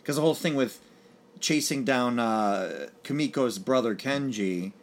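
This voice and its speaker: Male podcast co-host, mid-pitched, loose rambling recap voice. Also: measured pace. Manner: rambling, with many fillers and restarts. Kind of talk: casual chat recapping a TV show.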